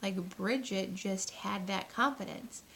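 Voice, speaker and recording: A woman talks through business mindset tips in an earnest, chatty way, often starting her thoughts with fillers. Her voice sits at a middle pitch. A faint noise runs under the recording. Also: unhurried, vocal fry, fairly bright tone. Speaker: network marketing coach. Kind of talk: casual motivational talk.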